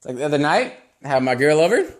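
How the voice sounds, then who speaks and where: A man's voice: on the high side, sing-song, fast. Profane young man with a bouncy delivery. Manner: crude, profane, rambling storytelling. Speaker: stand-up comedian. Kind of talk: stand-up set.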